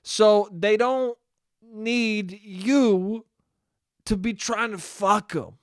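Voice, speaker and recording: A man's voice: sits high, extremely slow, no room sound, clean studio sound. A man hosting a solo comedy podcast, ranting profanely and laughing at his own jokes. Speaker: podcast host.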